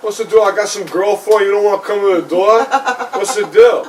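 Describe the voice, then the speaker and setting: A man's voice: high voice, a little fast, pitched above the performer's own voice, natural voice. A man putting on a brash Brooklyn accent as a taunting tough guy. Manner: mock-aggressive, taunting. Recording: distant mic, faint noise.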